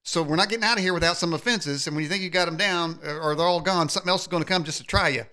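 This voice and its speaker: A man's voice: fairly high pitch, rapid-fire, bright, forceful tone. A man hosting a faith-based interview show, talking in a rambling, preacher-like way. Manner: rambling, preacher-like, many restarts. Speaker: host. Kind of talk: conversational interview.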